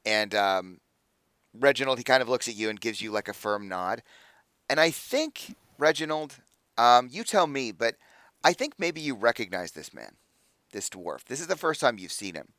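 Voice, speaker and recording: A man's voice: medium pitch, sing-song, normal speed, fairly bright tone, no room sound. A man narrating a tabletop game as game master, casual and full of filler words. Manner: casual, many fillers, hesitant.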